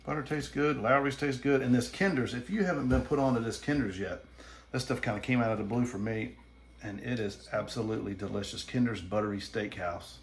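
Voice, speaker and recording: A man's voice: mid-range voice, a little fast, slight background noise. A middle-aged man from the American South, talking through a home cooking vlog in a folksy, rambling, self-deprecating way, first in his kitchen and then out at his grill. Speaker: cooking channel host.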